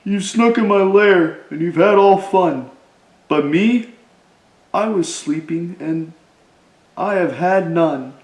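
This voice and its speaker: A man voicing a big grumpy bear who complains loudly in a storybook reading. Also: high voice, slow pace, pauses often, roomy sound, pitched above the performer's own voice. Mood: complaining. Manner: loud, raised and plaintive.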